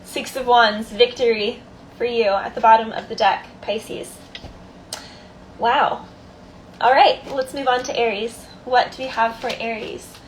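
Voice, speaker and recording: A woman's voice: fairly high pitch, steady tone, measured pace, a little hiss or hum, poor audio. A woman doing a casual tarot card reading, chatty, thinking aloud and laughing easily. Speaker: tarot reader.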